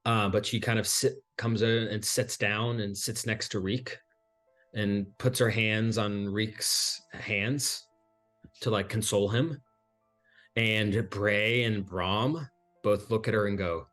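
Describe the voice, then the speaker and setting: A man with a fairly low voice narrates as game master in a tabletop game. He describes the scene in a loose, filler-laden way, with faint music underneath. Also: steady tone, takes it slowly, fairly bright tone.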